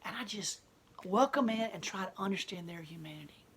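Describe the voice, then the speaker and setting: A woman's voice: mid-range voice, lively intonation, fairly quick, fairly bright tone, husky. A woman who owns a gallery speaks bluntly and defiantly in an impassioned interview monologue. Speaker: gallery owner and protester.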